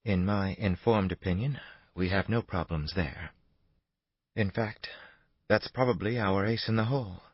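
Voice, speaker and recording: A man voicing a tense woman on the run in an audiobook thriller, with an earnest, husky voice. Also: deep voice, measured pace, long pauses, no room sound, muffled recording.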